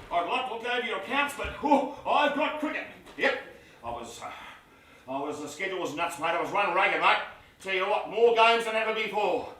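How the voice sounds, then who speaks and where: An actor playing a frazzled, brash Australian cricket captain, blokey and exasperated, his high voice swinging up and down. It is heard from far off in a very echoey theatre. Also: pushed and bright, exaggerated voice. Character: harried, blustering male Australian cricket captain. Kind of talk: stage comedy acting.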